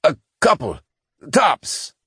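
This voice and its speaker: A man voicing an old, gruff male chief engineer of a starship, heard over a scratchy intercom, weary and wry. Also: sits high, very animated, slow, dry recording, clean studio sound, voice pushed up, exaggerated voice. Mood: strained.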